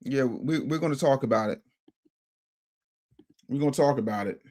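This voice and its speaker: A man hosting a casual livestream, reading viewer chat and commenting, emphatic and repetitive, swinging from loud outbursts to low mutters. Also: moderate pace. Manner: emphatic, repeats phrases for effect. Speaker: livestream host.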